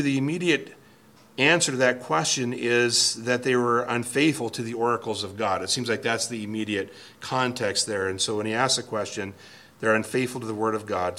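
Earnest bright-voiced man preaching a sermon. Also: medium pitch. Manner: earnest, emphatic, with many restarts and repeated words. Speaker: pastor. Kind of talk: expository sermon. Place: church sanctuary, at a pulpit.

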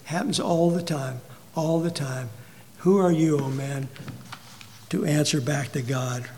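A man preaching a sermon, asking the congregation rhetorical questions and swinging from emphatic peaks down to quiet, low asides. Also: a little slow, slight background noise. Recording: long hall reverb.

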